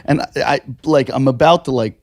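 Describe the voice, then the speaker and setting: A man telling stories on a podcast in casual, animated chat. He swears freely and bursts into the voices of the people he quotes. The sound is close and dry, with no room around it. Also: mid-range voice, a little fast, dry recording. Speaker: podcast co-host.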